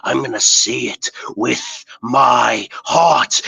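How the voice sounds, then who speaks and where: A man giving an in-character wrestling promo on a video call. He talks in an intense, boastful way, swears, and builds to shouts. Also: fairly low pitch, a little slow, long pauses, dry recording, poor audio. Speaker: pro wrestler guest.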